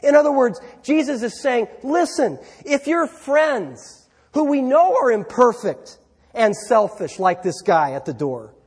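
Male pastor, fairly high and husky, chatty storytelling sermon with long church reverb. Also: measured pace. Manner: conversational storytelling, animated with fillers and repeats.

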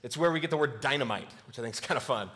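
A man's voice: mid-range voice, animated, very fast. Preaching man in an echoing hall. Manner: storytelling, acts out scripture quotes with softer voice. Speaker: pastor. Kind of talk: sermon. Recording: long hall reverb.

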